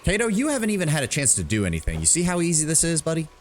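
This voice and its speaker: A man's voice: fairly high pitch, huge pitch swings, very fast. Joking, profane male streamer. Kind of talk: casual gameplay commentary.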